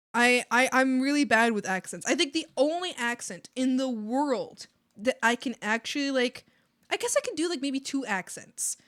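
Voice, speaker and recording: A woman's voice: high-pitched, a bit bright. A Canadian woman livestreaming while she draws, chatting casually with viewers and filling her talk with "like". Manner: chatty, giggly, heavy use of filler "like". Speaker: art streamer.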